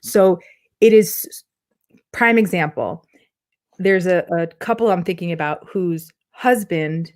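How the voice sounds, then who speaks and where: Animated woman relationship coach. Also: fairly low pitch, slow pace. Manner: animated, acts out quoted clients in different voices. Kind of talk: conversational interview answer.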